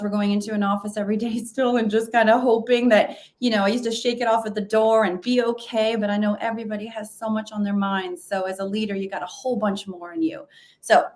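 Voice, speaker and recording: A woman giving a conversational webinar presentation over a video call, with plenty of fillers and restarts. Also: mid-range voice. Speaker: webinar speaker. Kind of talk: virtual presentation talk.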